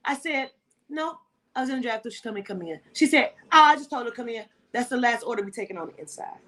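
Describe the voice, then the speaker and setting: A woman host tells a story in a high, bright voice. She acts out every line of dialogue, swearing freely as she goes. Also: quick pace, poor audio. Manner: animated, profane, acts out dialogue. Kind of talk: casual storytelling chat.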